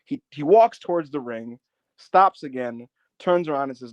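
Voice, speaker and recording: Animated, swearing man on a podcast. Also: high-pitched, normal speed, dry recording, lo-fi sound. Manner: animated storytelling, swearing, acts out quotes. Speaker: podcast co-host. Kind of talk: casual podcast chat.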